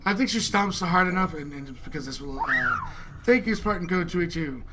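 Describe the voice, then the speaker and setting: A man's voice: high voice, animated, fairly quick, heavy background noise. A man narrating as dungeon master in a casual, laughing way. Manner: casual, laughing, thanks stream followers. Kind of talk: narrating a tabletop game.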